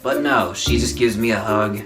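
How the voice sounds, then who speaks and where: A young man telling comic stories from his childhood in an animated, exaggerated way. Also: on the low side, normal speed. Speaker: vlogger. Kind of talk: comic storytelling. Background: guitar music.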